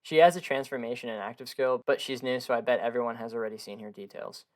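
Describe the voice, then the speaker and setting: A young man, hoarse and gravelly from illness, reads dense game card text in a flat, steady voice at a middling pitch. Between the stat blocks he drops into loose, slangy asides. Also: quick pace. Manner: flat reading of long stats, then slangy offhand comments. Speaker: gaming video creator.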